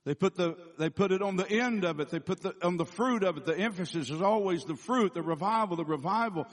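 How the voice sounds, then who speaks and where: A man preaching as a guest speaker, telling a story with frequent restarts and self-corrections, slowing down to stress scripture. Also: high voice. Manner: slows down for emphatic scripture quotes. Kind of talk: sermon.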